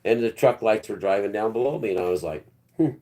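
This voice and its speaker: A man's voice: fairly low pitch, lively intonation, quick pace, warm tone. A man hosting a live stream, telling a long personal story in a rambling, blunt, earthy way.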